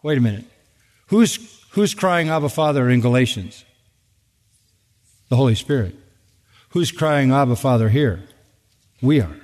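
A man's voice: medium pitch, animated, measured pace, long pauses, darkish tone. An older man preaching a sermon from the pulpit, emphatic and building to urgent peaks on key phrases. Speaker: pastor. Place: large church. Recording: long reverb of a church sanctuary.

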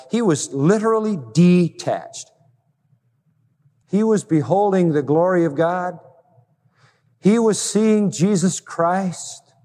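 A man's voice: a little high, dark tone. Man preaching in a reverberant hall. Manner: earnest, measured preaching with slow emphatic pauses. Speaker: pastor. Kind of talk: sermon. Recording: hall reverb with faint music.

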